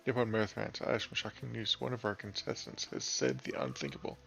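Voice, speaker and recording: A man's voice: on the low side, big pitch swings, fast, gravelly, fairly bright tone, faint music behind, full character voice. A man voicing a theatrical male TV news reporter who delivers gossip as if it were a tragedy. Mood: melodramatic. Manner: overwrought, theatrical.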